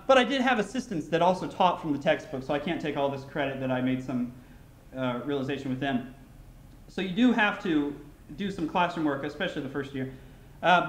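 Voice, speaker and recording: A man's voice: on the high side, echoey room. An American man giving a casual, anecdote-filled keynote speech at a conference, often restarting sentences and using fillers. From United States. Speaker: keynote speaker. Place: large conference hall.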